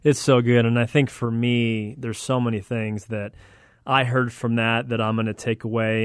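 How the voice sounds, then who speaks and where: A man's voice: medium pitch, little pitch movement, moderate pace, clean tone, dry recording, clean studio sound. Earnest man hosting a faith talk show. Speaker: radio show host. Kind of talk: faith-based radio talk.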